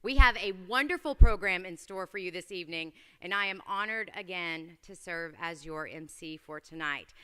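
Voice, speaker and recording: A woman's voice: on the low side, moderate pace, hardly any pauses, fairly bright tone, smooth. A woman, serving as master of ceremonies at an evening event and joking playfully with the audience through a stage microphone. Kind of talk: emceeing a gala event. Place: large event hall. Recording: hall reverb from a PA system.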